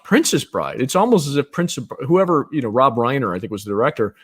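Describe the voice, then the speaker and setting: A man's voice: mid-range voice, very animated, a little fast, slightly rough. A man speaks as a guest on a live video call in a mid-range voice. He gives frank, opinionated takes and pokes fun at himself along the way. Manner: opinionated, candid, self-deprecating. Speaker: guest, marketing executive. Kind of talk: casual video chat interview.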